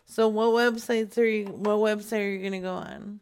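A woman's voice: medium pitch, fairly even intonation, moderate pace, a little mellow, clear, resonant tone. A woman hosting a casual live chat, teasing and crude, dragging her words out.

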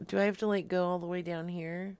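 A woman's voice: lowish voice, level tone, fast talker, over a noisy crowd. A woman co-hosting a comedy show, chatting in a giggly, teasing way and swearing freely. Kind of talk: casual banter on a live show.

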